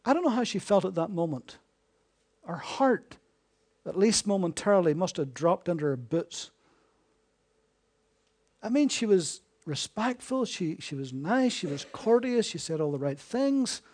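Male preacher, high voice, sermon delivery, rhetorical questions, hushed to emphatic. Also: very animated, a little slow. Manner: swings between hushed and emphatic.

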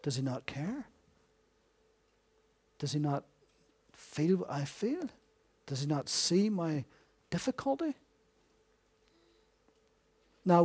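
Male preacher, high voice, sermon delivery, rhetorical questions, hushed to emphatic. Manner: swings between hushed and emphatic.

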